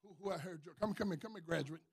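A man preaching a sermon to a church congregation. He builds into shouted emphasis and calls people up to the front. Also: high voice, fast talker, gravelly, slightly rough. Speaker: pastor.

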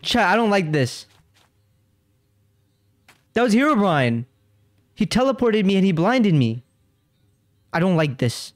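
A man's voice: high voice, big pitch swings, a little slow, pauses often, no room sound. A young man streaming a game and talking casually to his chat, jumpy and rambling, often repeating himself when he gets scared. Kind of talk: casual gaming commentary to chat. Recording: dry close mic, faint game music.

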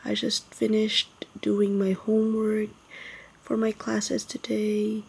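A young woman from the Philippines speaks in a whispered haul vlog, hushed and breathy. She talks slowly, with a gravelly catch under the whisper. She sounds quietly excited about what she shows. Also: medium pitch. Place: home at night, others asleep.

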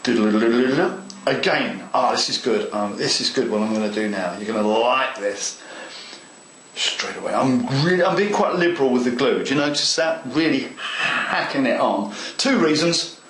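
A man hosts a model railway tutorial, chatting eagerly to the viewer during a hands-on craft demonstration. His mid-range voice is expressive and fairly bright, at normal speed. The low-quality recording is reverberant with slight background noise.

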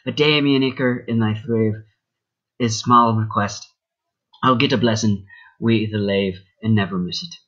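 A man doing a rolling put-on Scottish brogue, reciting old verse slowly and tenderly, the voice low-pitched and a little husky. The sound is dull and lo-fi. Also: fairly even intonation, fairly bright tone. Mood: tender, mournful.

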